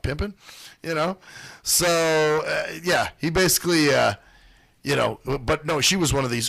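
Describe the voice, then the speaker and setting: A man's voice: mid-range voice, expressive, moderate pace, vocal fry, pushed and bright, dry recording. A man hosting a radio show, telling profane stories in casual chat and mimicking the people in them. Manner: profane storytelling, mimics other people's voices.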